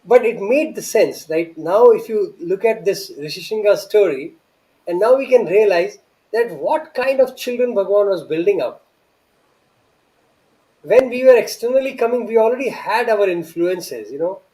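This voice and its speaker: A man's voice: sits high, animated, normal speed, mellow, rough recording. A man, telling an earnest, reverent story from his student days with many restarts and rhetorical questions. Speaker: guest recounting memories.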